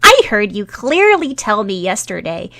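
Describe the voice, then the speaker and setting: A woman voicing a bratty, sharp-tongued young orphan boy who speaks in a smug, blunt, scoffing way. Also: medium pitch, big pitch swings, unhurried, gravelly, full character voice.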